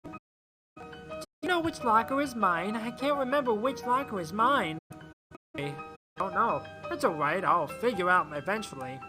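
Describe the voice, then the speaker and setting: A man's voice: high-pitched, expressive, measured pace, pauses often, music in the background. A man streaming a video game, reading its text aloud and adding casual, dry comments, over a noisy background. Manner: casual, reads narration aloud and comments dryly.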